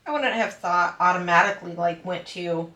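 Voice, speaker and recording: A woman hosts a diamond painting channel, chatting casually with a live audience and voicing the people she quotes in a higher pitch. She talks at a normal speed with a pushed, bright tone, picked up by a distant mic in a reverberant space.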